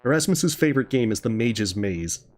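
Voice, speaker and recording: A man's voice: mid-range voice, expressive, normal speed, darkish tone, lightly acted. A man reading the lines of a friendly, rambling old male hermit in his own plain voice, with no accent put on.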